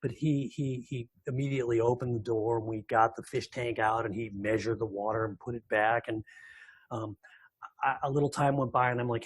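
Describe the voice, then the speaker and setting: A man in recovery telling a personal story as a podcast guest, lively and full of restarts and repeated words. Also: mid-range voice, brisk, husky, no room sound.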